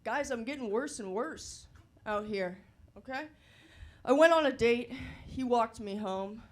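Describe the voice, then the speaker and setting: A woman doing a stand-up set on a comedy club stage, telling her stories in a slow, deadpan way. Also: a little high.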